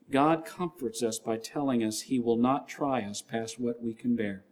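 Earnest male preacher, even pitch. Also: a little slow, few pauses. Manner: earnest, repeats key lines and scripture references; acts out shouting gym trainers with a louder voice. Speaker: pastor. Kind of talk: sermon.

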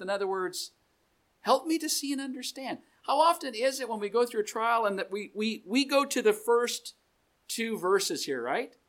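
A man's voice: very high-pitched, lively intonation, moderate pace, a bit bright. Conversational male preacher reading scripture in a meeting room, easy joking tone. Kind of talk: sermon.

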